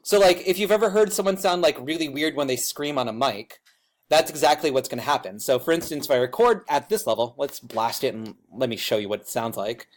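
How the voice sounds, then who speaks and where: A man teaching a class how to use software, talking in a loud teacher voice, chatty and informal with plenty of asides. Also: medium pitch, lively intonation, a little fast, slight background noise.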